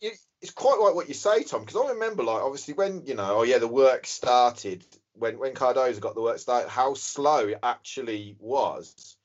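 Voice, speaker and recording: A man's voice: medium pitch, moderate pace, hardly any pauses. A man, co-hosting a casual football podcast, telling stories and joking. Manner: animated storyteller, joking. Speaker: podcast co-host. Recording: dull lo-fi recording.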